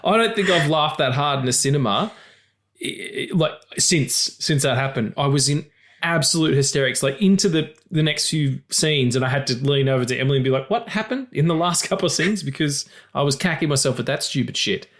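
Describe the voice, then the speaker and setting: A man co-hosting a film podcast in casual chat, animated, swearing often and laughing loudly. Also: mid-range voice, brisk. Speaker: podcast co-host.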